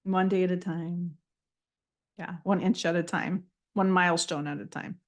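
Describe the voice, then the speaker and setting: A woman giving a live channeled spiritual reading, gentle and affirming, often repeating phrases as she passes messages on. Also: on the low side, fairly even intonation, moderate pace.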